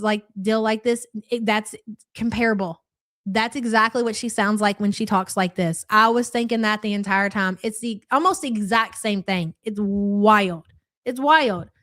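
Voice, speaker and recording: A woman's voice: mid-range voice, normal speed, fairly bright tone, no echo, clean studio sound. A woman hosting a live reaction stream, talking casually and bluntly with a sarcastic edge as she answers viewer chats and calls them "hun".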